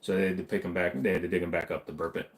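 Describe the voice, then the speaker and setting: This livestream host has a low voice and a flat, rapid-fire delivery, with a faint hiss or hum in the audio. Running a loose late-night Q&A, he drifts between subjects, jokes around, and casually reads out messages from his viewers.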